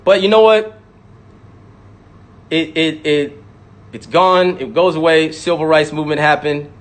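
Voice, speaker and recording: A man's voice: on the high side, fairly even intonation, unhurried. A man, a rapper, delivering an impassioned, profane monologue to camera and repeating words for emphasis.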